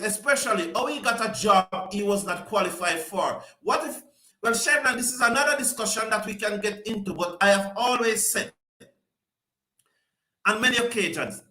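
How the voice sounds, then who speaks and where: Chatty man with a bright voice. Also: high-pitched, reverberant, poor audio. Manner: chatty, greets viewers by name, repeats himself. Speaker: host reading viewer comments. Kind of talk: casual live-stream commentary.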